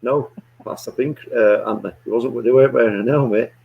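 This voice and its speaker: A man's voice: mid-range voice, fairly even intonation, fairly quick, gravelly, dull audio. A man, co-hosting a football watch-along in casual, swearing banter. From England. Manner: loud, banter-heavy, swearing, laughing. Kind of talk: casual chat.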